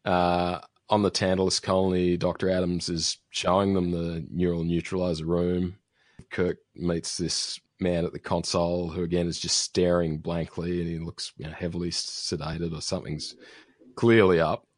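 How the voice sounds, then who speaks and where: A man's voice: low-pitched, level tone, moderate pace, no echo. A man casually recapping a TV episode as a podcast host, rambling with fillers and restarts. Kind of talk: casual chat.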